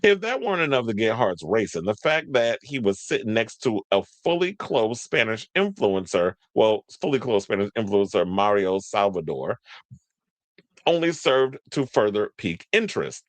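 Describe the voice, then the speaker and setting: Lively, gossipy man hosting pop-culture chat. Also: lowish voice, moderate pace, dry recording. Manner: playful, gossipy, laughs often, mock-swooning asides. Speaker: host.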